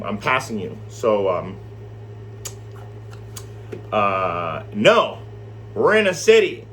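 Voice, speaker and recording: A man teaching scripture in a loose, animated way, rambling and swearing as he tells a story. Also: a little high, slight background noise. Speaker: Bible study teacher.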